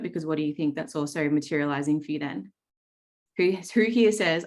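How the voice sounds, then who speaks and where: A woman's voice: low voice, brisk. An Australian woman in her thirties coaching traders on a video call, blunt and swearing freely, often checking in with "right?". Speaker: trading coach. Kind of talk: live coaching session talk.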